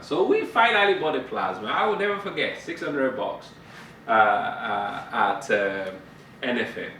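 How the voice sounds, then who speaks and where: A man's voice: fairly low pitch, big pitch swings, moderate pace, sharp tone, a little hiss or hum. A middle-aged man teaching a couples group about communication in a conversational way, laughing and acting out dialogue. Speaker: marriage counselor. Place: fellowship meeting room. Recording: roomy, from a distance.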